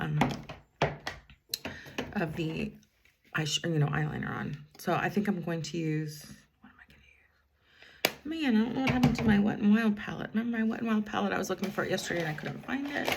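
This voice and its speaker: Her voice is fairly low and gravelly, and the recording is very noisy. She's a woman in her fifties who drives a school bus, rambling casually through a story while applying makeup and breaking off to mention her eyeliner.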